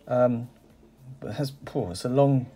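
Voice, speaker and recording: A man's voice: medium pitch, measured pace, warm tone. Enthusiastic man unboxing toy cars. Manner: enthusiastic and exclamatory, with many fillers. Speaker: toy car collector reviewing a parcel. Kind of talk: casual unboxing chat.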